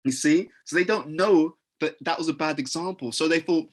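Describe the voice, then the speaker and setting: A man with a fairly high voice talks about leadership in a conversational way, at normal speed and with hardly any pauses. He frequently restarts his sentences and acts out example dialogues as a leadership teacher.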